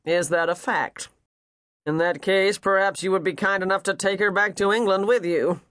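A man voicing a gruff, blunt, wealthy older father with a growling voice. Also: sits high, steady tone, normal speed, fairly bright tone, no echo, studio quality.

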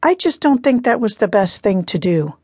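A woman narrator voicing a gentle, conciliatory middle-aged mother in an audiobook, speaking softly and reasonably. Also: medium pitch, big pitch swings, normal speed, breathy edge, no room sound, clean studio sound. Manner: soft, reasoning. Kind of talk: audiobook character reading.

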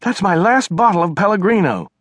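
Audiobook: male narrator doing an indignant, exasperated woman, higher and louder than his own voice. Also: big pitch swings, brisk, dry recording. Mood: annoyed. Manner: indignant, scolding. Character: exasperated woman, fed up with her brother.

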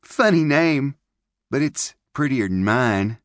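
A man's voice: mid-range voice, animated, slow, no room sound, studio quality, pitched above the performer's own voice. A man voicing an eager, chatty little pioneer girl in an audiobook.

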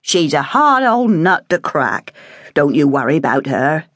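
A woman's voice: sits low, big pitch swings, unhurried, no echo, heavily acted. A woman doing a plump, motherly kitchen lady. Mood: kindly. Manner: warm-hearted, homely, fussing.

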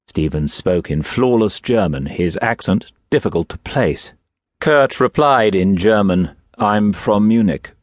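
A man narrating an audiobook in a measured, steady storytelling manner. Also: low-pitched, dry recording, clean studio sound. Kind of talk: scripted narration. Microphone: close studio mic.

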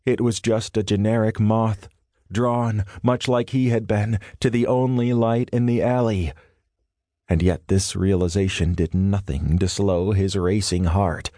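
A man narrating a thriller audiobook in a measured, suspenseful storytelling manner. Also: fairly low pitch, steady tone, dark tone, no echo, studio quality.

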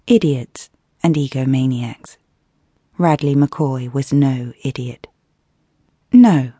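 A British woman reading a first-person romance audiobook in a wry, expressive storytelling manner. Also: extremely low pitch, slightly rough, no echo, clean studio sound. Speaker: audiobook narrator.

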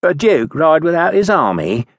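A man doing a skeptical Highland soldier. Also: big pitch swings, moderate pace, no echo. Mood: doubtful.

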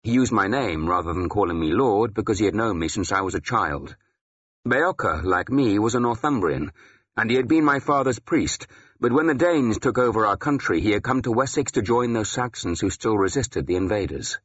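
A man narrating a historical novel in first person, with dramatic, expressive delivery. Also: lowish voice, normal speed, breathy edge, no room sound, highs cut off. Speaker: audiobook narrator.

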